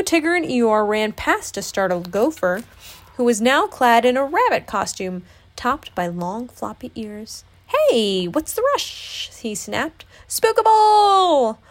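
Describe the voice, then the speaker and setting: A woman, a mother, reading a storybook aloud to her child at home in an expressive way. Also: a little high.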